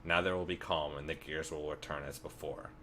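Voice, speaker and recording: A man quietly reading aloud the lines of a cryptic girl changeling in a game. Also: a bass voice, fairly even intonation, fairly quick, slight background noise.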